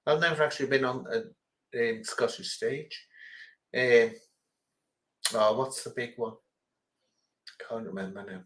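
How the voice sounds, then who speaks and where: A man's voice: mid-range voice, fairly even intonation, measured pace, pauses often, a bit bright, rough recording. A middle-aged man from England chatting casually as host, rambling through an opinionated story with lots of ums and restarts. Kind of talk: casual livestream chat.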